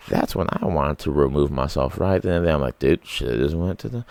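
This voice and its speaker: A man's voice: very deep voice, quick pace, gravelly, few pauses, darkish tone, no echo. A man hosting his own podcast, telling a rambling, profane story alone in a small room into a microphone. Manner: rambling, profane, full of likes and quoted reactions. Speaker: podcast host. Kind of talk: casual storytelling rant. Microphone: studio microphone.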